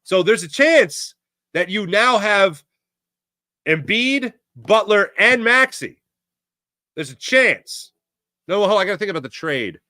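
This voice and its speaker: Brief: Philadelphia sports talk host, crisp bright tone, dry close sound, rambling off-the-cuff delivery. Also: male voice, sits high, very animated, unhurried, long pauses, no room sound. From Philadelphia area, USA. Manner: rambling, self-correcting storyteller. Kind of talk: casual chat, answering live chat.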